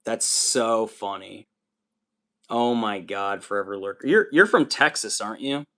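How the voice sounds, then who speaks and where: A man's voice: on the low side, expressive, measured pace, pushed and bright. A man hosting a livestream, chatting casually with viewers while building miniatures, rambling and swearing often. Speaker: livestream host.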